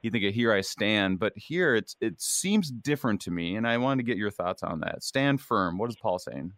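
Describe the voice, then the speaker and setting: A man leading a casual Bible study discussion, chatty and quick to joke. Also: fairly low pitch, animated, no room sound. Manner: chatty, laughs, puts on shouted movie quotes.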